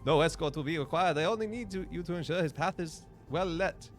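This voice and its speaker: A man voicing a proud, gossipy male lamplighter spirit in a high, strained, declaiming voice while reading a video game aloud. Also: fairly quick, soft background music, natural voice. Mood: urgent pleading.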